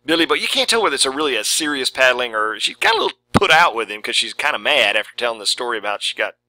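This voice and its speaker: A man's voice: mid-range voice, very animated, quick pace, sharp tone, low-quality recording. A man giving an informal lecture on a short story, talking in a rambling way and often correcting himself. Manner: rambling, with many self-corrections. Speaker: literature lecturer.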